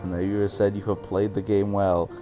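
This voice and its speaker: A man with a lowish voice talks fast in a flat delivery while hosting a game session for his channel. He reads the game's text aloud, often stumbling and giggling, over game music.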